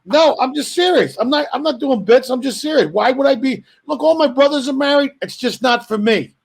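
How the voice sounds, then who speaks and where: High-voiced, profane comedian man. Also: a little fast, gravelly, slightly rough. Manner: profane, animated storytelling with voiced asides. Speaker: comedian guest. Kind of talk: casual podcast banter.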